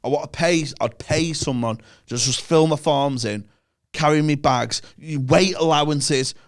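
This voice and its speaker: A man's voice: fairly high pitch, unhurried. A young man with a Northern English accent, a podcast guest ranting and telling stories in casual, sweary chat.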